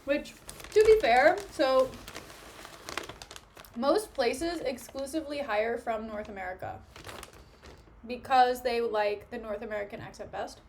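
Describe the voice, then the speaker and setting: A woman's voice: on the high side, unhurried, long pauses, slight background noise. A young woman chatting casually with her live-stream viewers from home, joking and snacking between remarks. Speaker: livestreamer. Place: at home, sitting on the floor.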